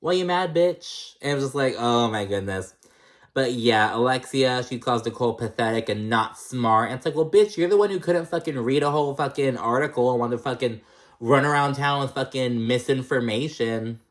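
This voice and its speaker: A man's voice: mid-range voice, fairly quick. A man recapping reality TV in casual chat, blunt and sassy, swearing a lot and calling people "girl".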